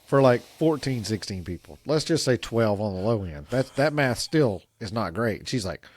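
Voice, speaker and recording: A middle-aged man co-hosting a podcast, telling stories in an animated way and getting louder when he quotes himself. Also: fairly low pitch, normal speed. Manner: animated, gets loud when quoting himself. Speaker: podcast co-host. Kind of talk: casual storytelling chat.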